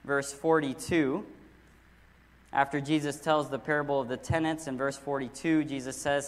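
A man's voice: mid-range voice, steady tone, normal speed. Earnest male pastor preaching in a hall. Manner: earnest, emphatic preaching with stressed key words. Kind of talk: sermon. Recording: long hall reverb.

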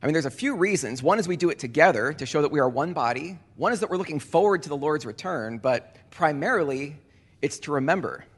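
Earnest pastor in a reverberant church. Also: male voice, a little high, animated, husky. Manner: earnest, deliberate, repeating key phrases for emphasis. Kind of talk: communion sermon. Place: church sanctuary.

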